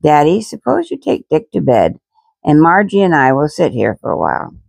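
Woman doing a calm storybook mother, soft and soothing, slightly gravelly, dry close sound. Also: deep voice, moderate pace, no room sound, exaggerated voice. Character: gentle caring mother, calm and patient. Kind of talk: storybook reading.

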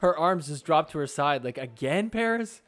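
Commenting casually on match footage for his sports podcast, a man with a fairly high voice speaks briskly, animated and chatty, playing out how the players reacted.

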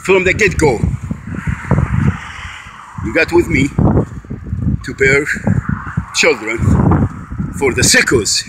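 Out of breath while pushing a bike up a hill outside, a male vlogger records an angry rant, accusing someone, repeating himself and constantly stopping and starting again. His mid-range voice has lively intonation, drawn-out words and long pauses, over heavy background noise.

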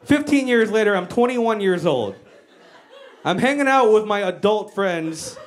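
A woman doing a stand-up comedy set on stage, telling stories with animated, mock-exasperated swearing into a handheld mic. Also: mid-range voice, unhurried.

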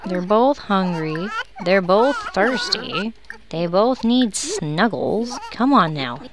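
A woman's voice: mid-range voice, lively intonation, takes it slowly. A woman giving casual, sarcastic commentary while playing a life-simulation game, grumbling at her characters. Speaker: let's play host. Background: background music.

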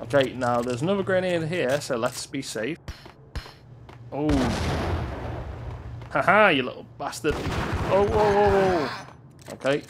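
A man with a fairly high voice talks through a shooter game with a very lively, swooping delivery. He curses and yelps at the action. Game gunfire sits loud in the mix behind him. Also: a little slow, long pauses, noisy background. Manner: excitable, swearing, yelps and laughs at the action. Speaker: gameplay commentator. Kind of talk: let's-play commentary.

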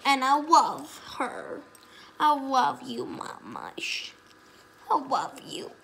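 Sweet, clingy puppy girl played by a woman, high and bright, in a playful pet voice-over. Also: sing-song, slow, creaky, slight background noise, heavily acted. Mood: adoring. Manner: sweet, doting, repeats her affection over and over. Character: adoring young female mini-poodle, clingy and food-loving.

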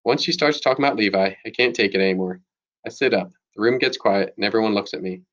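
A low-voiced man reading a children's chapter book aloud as a teacher, steady and expressive. His voice sits lower than most men's, and the sound is muffled and lo-fi. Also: fast talker. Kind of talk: read-aloud storytelling.

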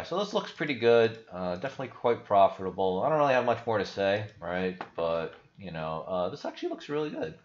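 A man giving rambling, casual commentary over his screen as a crypto investing YouTuber, often tagging on "right?" and "you know". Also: on the low side. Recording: dull lo-fi audio.

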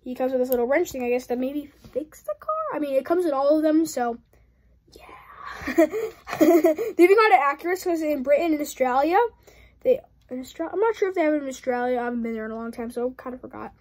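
A woman's voice: sits high, fairly quick, darkish tone. A young woman casually talking through a model build on her channel, giggling often and rambling with frequent apologies. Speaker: hobby channel host.

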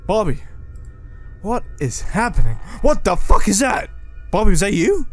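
A man with a fairly high, very lively voice that swings up and down as he plays through a horror game. He reads the on-screen lines to himself, then jumps and swears at every scare. Faint music sits under his talk. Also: moderate pace. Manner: jumpy, reacts aloud and swears. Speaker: gaming video host. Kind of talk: horror let's-play commentary.

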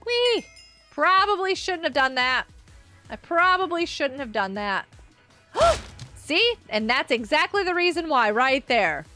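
Woman, high voice, very animated, casual gameplay chat, excitable. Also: unhurried, faint music behind. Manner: excitable, gasping and laughing often. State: sleepy, yawning. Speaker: gaming livestreamer.

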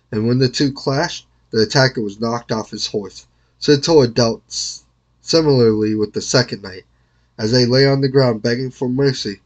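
An older man reading a storybook aloud in a measured, careful way. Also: medium pitch. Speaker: reader.

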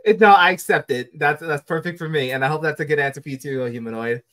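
A man's voice: a little high, fast, a bit bright. A young man hosting a podcast interview, eager, gushing and apologetic, wrapping up with his audience. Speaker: podcast host.

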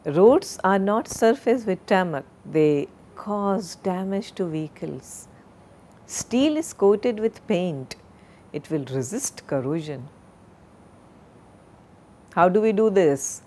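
Slow, deliberate woman lecturer. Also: medium pitch, lively intonation, dark tone. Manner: slow, deliberate, drills word pronunciations. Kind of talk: recorded classroom lecture.

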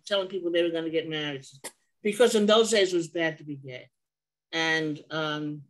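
A woman's voice: lowish voice, rough recording. An older woman sharing memories as an interview guest, rambling and digressing, often stopping to correct herself. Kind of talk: oral history storytelling.

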